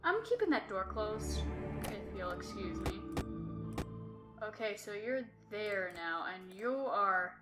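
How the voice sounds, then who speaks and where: A woman's voice: mid-range voice, sing-song, takes it slowly, echoey room, music in the background. A woman giving jumpy commentary while playing a horror game, talking to herself and repeating short exclamations. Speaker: gameplay streamer.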